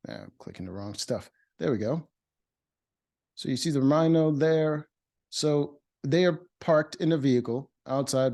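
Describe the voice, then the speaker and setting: A man's voice: mid-range voice, creaky, warm tone. A man casually reviewing a reality show episode, blunt and opinionated, with many fillers and restarts. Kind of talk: casual recap commentary.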